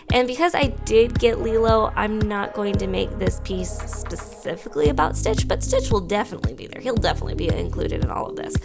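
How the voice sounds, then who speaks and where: A young adult woman hosting an art channel, chatting playfully to kids in a bubbly, jokey way. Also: medium pitch. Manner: bubbly, jokey, talks to herself. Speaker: art teacher and channel host. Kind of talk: playful casual vlog talk to kids.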